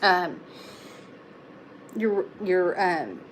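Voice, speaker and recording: A woman's voice: fairly low pitch, expressive, extremely slow, slight background noise. A young woman giving a casual live tarot reading, talking in a chatty, reassuring way with lots of fillers. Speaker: tarot reader.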